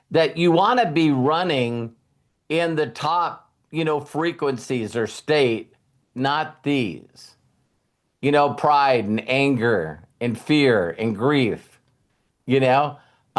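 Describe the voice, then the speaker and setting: A middle-aged man giving a motivational talk who keeps acting out little conversations as he goes. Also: medium pitch. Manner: animated, acts out little dialogues. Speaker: motivational speaker.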